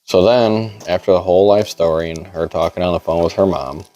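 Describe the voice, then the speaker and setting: A man's voice: low voice, brisk, warm tone, lo-fi sound. A young man casually telling a long story in a barbershop, laid-back and full of "like". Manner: rambling, laid-back, heavy on "like".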